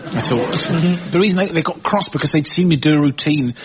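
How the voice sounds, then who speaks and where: A man's voice: a little high, fairly quick, slightly rough. A man, a comedian guest, telling a self-deprecating story with stumbling starts. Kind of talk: anecdote telling. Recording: dull radio audio.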